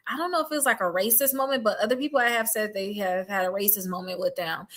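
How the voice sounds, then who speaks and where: Woman credit advisor, casual direct-to-viewer talk, bright forceful voice, blunt and emphatic. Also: medium pitch, quick pace. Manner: blunt, emphatic, addresses the audience as y'all.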